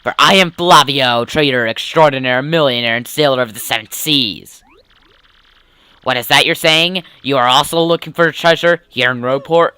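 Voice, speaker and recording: A man's voice: mid-range voice, moderate pace, sharp tone, clean tone, no echo, lightly acted. A man voicing a vain, greedy merchant sailor in a grandiose, theatrical accent while reading a game's dialogue aloud. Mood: pompous. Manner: grandiose, theatrical "pirate" voice he says strains his throat. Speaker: let's play gamer reading dialogue aloud.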